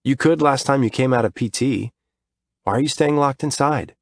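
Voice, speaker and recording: A man's voice: mid-range voice, normal speed, no echo, clean studio sound, pitched above the performer's own voice, close to an everyday voice. A man voicing a persistent young male friend who keeps pressing with questions. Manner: probing, insistent questions.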